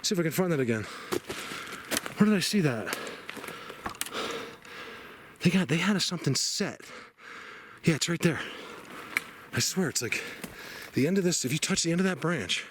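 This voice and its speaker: A man's voice: on the high side, normal speed, pauses often, noisy background. Breathless man hiking through a forest. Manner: excitable, rambling, drops to a hushed whisper. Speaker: outdoor vlogger searching for Bigfoot. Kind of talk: casual walking vlog to camera. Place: forest outdoors.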